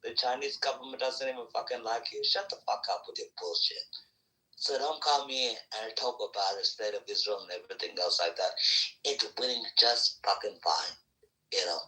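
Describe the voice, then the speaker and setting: A man's voice: mid-range voice, fairly even intonation, normal speed, bright, forceful tone, recorded from a distance, poor audio. A man in a heated argument on a live voice chat, aggressive, taunting and hurling insults.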